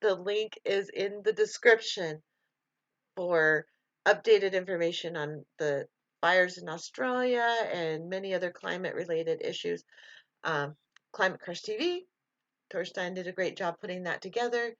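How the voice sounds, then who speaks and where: A woman hosts a casual live stream, chatting freely, laughing easily and reading out viewer comments. Her voice sits on the low side. The sound is dry and a little dull, with no room echo. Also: unhurried, fairly bright tone.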